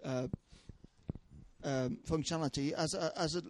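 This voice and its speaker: A man's voice: a little high, moderate pace, darkish tone, a little hiss or hum. A man hosting a casual tech podcast, reading news items with lots of laughs and hesitations. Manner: giggly, hesitant, mock announcer reading.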